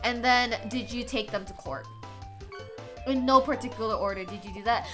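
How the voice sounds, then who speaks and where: Young female streamer, playful and dramatic, high animated voice over background music. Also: moderate pace. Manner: playful, dramatic, giggly, teasing. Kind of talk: casual live-stream chat with viewers.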